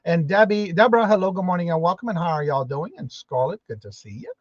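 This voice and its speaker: Casting: high, animated male live-stream host, dry lo-fi mic, greets viewers in a repeated patter. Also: quick pace, no echo. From Massachusetts, USA. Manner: lively, repeats hello and welcome for each viewer.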